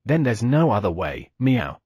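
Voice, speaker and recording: A man's voice: medium pitch, big pitch swings, a little slow, darkish tone, breathy edge, dry recording, studio quality. A man voicing a boastful, greedy male talking cat merchant who ends sentences with meow, in an audiobook. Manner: arrogant, scheming. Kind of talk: audiobook character voice.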